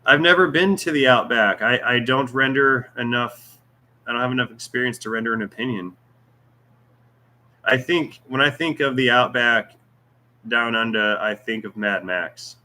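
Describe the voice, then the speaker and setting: A man's voice: mid-range voice, moderate pace, sharp tone. A man hosting a casual livestream Q&A, reading viewer comments aloud with jokes, teasing and rambling asides. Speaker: YouTube channel host.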